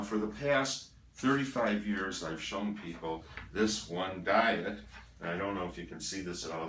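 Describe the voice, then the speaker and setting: An older man with a deep, low voice gives diet advice as a doctor, hammering each rule and ticking off foods one at a time. He sounds roomy and set back from the camera, as if recorded across an office. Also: a bit bright. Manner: emphatic, lists items one by one. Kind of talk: talking to camera about diet. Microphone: handheld camera at a distance. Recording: roomy, from far off the mic.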